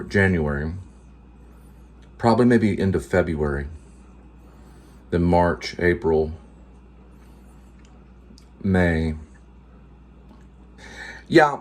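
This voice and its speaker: Low-voiced man rambling casually at home. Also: a little mellow. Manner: rambling, easygoing, many "like" fillers; talks while eating. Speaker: vlog host. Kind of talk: casual cooking and pet vlog.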